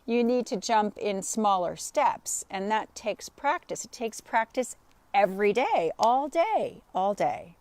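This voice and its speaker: A woman life coach on a live stream, telling an animated personal story and greeting viewers by name. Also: medium pitch, takes it slowly, dry recording. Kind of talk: live-streamed motivational talk.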